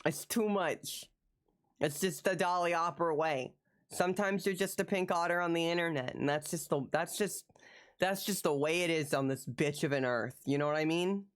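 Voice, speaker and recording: Speaking in a low-leaning, smooth voice at a brisk clip, this streamer chats loosely with her audience. She's worked up, curses constantly, and keeps coming back to one phrase.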